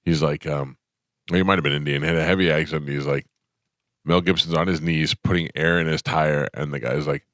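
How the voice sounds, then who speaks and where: A man's voice: very deep voice, steady tone, fairly quick, fairly bright tone, dry recording. A man hosting a radio show in the studio, chatting casually and telling rambling stories with lots of fillers. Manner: rambling storyteller, trails off with fillers. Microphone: studio microphone.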